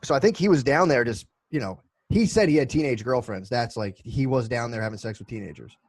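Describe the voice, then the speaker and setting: Man, podcast co-host, rapid rambling delivery, profane storytelling, dry close sound. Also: mid-range voice, expressive, no echo. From United States. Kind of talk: casual chat.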